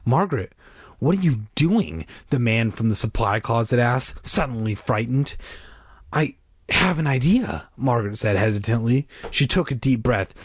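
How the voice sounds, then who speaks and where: Casual amateur reader, male, husky, dry close mic, hams up a creepy kids' story. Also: mid-range voice, no echo. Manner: reads aloud with exaggerated character voices and joking asides. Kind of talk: casual read-aloud of a children's horror book.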